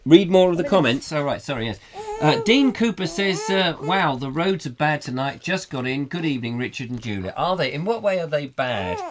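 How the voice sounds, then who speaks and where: A man with a sore, croaky throat, co-hosting a comic live chat show, rambling playfully as he reads out viewer comments. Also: a little high, sing-song, a little fast. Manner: rambling, playful and absent-minded. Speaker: co-host. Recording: live stream with clear background noise.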